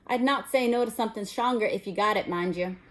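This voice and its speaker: A woman voicing a huge, gruff, quick-tempered giant man in a storybook read-aloud, with a rough regional accent and clipped words. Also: close to an everyday voice. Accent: attempted West Country English. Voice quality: loud, booming, dropped word endings.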